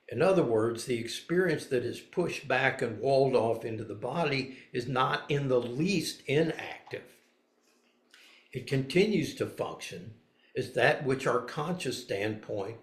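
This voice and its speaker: A man's voice: medium pitch, reverberant. A man giving a dharma talk as a spiritual teacher, blunt and folksy, moving between reading and emphatic asides.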